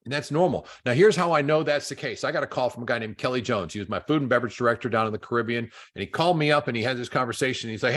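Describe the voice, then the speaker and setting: Fast-talking man coaching with stories. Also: mid-range voice. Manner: animated storyteller acting out both sides of calls. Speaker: real estate coach. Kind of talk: coaching talk with acted phone calls.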